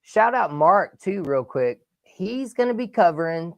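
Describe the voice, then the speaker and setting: A man hosting a live sports talk show, energetic and rambling, with loud outbursts. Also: high voice, unhurried, hardly any pauses, no room sound. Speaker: podcast host.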